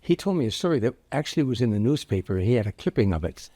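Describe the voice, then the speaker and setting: A man's voice: medium pitch, fast, dry recording. Older man telling stories, dry sound. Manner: anecdotal, animated with repeated restarts. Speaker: comedian guest. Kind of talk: storytelling interview.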